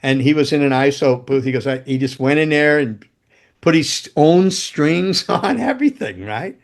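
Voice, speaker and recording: A gravelly, expressive man with a higher voice, speaking at a moderate pace, tells loose anecdotes as a guest about his days as a guitar tech and roadie. He swears freely, laughs through his stories, and voices other people's lines.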